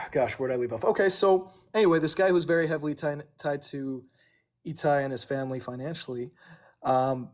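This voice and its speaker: Young man, livestream storyteller, casual and rambling, average pitch. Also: darkish tone. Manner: rambling, backtracking, quotes others in his story. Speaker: livestream guest telling his story.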